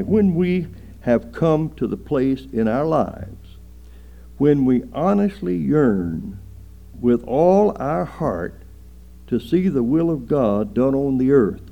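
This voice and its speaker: A man preaching a sermon slowly and earnestly, drawing out phrases and rising for emphasis. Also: medium pitch. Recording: dull lo-fi sermon recording.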